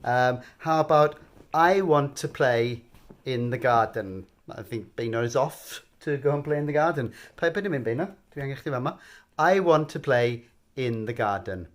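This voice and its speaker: A man giving a patient, gently coaxing bedtime language lesson. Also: mid-range voice, expressive, moderate pace. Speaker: language teacher.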